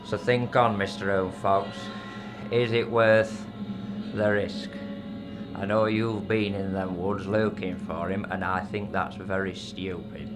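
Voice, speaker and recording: A man's voice: sits low, flat delivery, takes it slowly. An actor playing a blunt older local man, warning of a woodland monster in a folk horror audio drama. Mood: ominous. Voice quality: blunt, grumbling, dialect-heavy. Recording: music bed behind.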